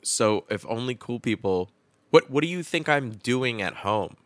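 A young man hosting a solo podcast with a head cold, rambling and swearing in a wired, excitable way. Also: mid-range voice, measured pace, no echo. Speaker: podcast host.

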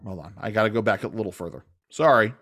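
A man hosting a political talk show, speaking in a halting way with many restarts and fillers. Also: fairly low pitch, expressive, a bit bright. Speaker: radio talk show host.

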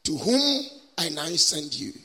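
A man preaching with great passion, his voice high, bright and swooping widely from phrase to phrase. He draws his words out slowly in a stretched preaching cadence. The sound carries a long reverb from a large church hall. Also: big pitch swings, husky. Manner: impassioned, drawn-out preaching cadence. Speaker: guest preacher. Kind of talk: sermon with prayer and call-and-response.

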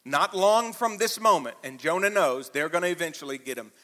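A man preaching a sermon to a church, talking conversationally, dropping to quiet asides and rising to loud emphatic peaks. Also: a little high, expressive, fairly quick, in a large hall. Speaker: pastor. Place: church auditorium.

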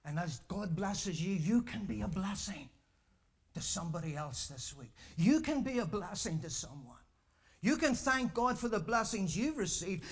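An older man delivers a sermon in a church in a fairly high voice, a little out of breath from walking back and forth. He keeps asking the congregation for an "Amen?", rising to loud emphasis and then dropping to soft, low asides. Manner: preaching with frequent call-and-response "Amen?". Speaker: pastor.

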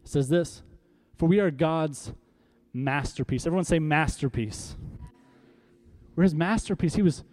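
A pastor with a slightly high, darkish voice preaches at a measured pace, faint music playing behind him. He leads his congregation in call-and-response, building to emphatic, rallying peaks.

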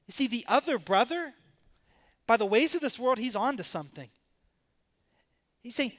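A man's voice: very high voice, lively intonation, moderate pace, long pauses, fairly bright tone. A man preaching a sermon in a church, voicing the father and sons in the story with dramatic emphasis. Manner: dramatic, acts out the sons' and father's words. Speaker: pastor. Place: church sanctuary.

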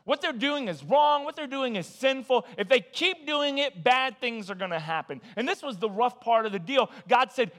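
A man preaching a casual, conversational sermon, animated and joking as he tells the story. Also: very high-pitched, normal speed, few pauses. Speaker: pastor.

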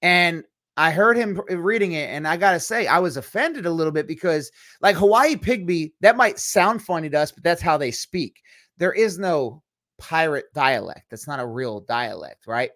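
Guy hosting a christian livestream, rambly and chatty, slightly high voice. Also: animated, a bit bright, dry recording, clean studio sound. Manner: chatty, rambling, quick asides. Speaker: host of a Christian livestream show. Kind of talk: casual livestream chat.

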